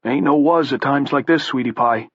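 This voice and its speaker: A man voicing a gruff, bloodied, bald brawler, blunt and profane. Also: medium pitch, normal speed, no room sound, highs cut off, voice pushed up, close to an everyday voice. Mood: warning.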